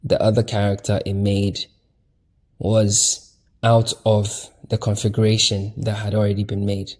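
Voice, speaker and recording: A man's voice: lowish voice, completely flat delivery, a little slow, a little mellow. A man giving a loose, casual spiritual lecture with slang, emphasis, and frequent fillers. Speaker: teacher.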